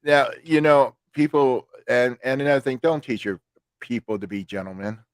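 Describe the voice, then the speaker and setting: A man's voice: medium pitch, normal speed, no room sound. A man hosting a podcast, casually telling crude, joking family stories and acting out his mother's lines. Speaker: podcast host. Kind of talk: casual storytelling chat.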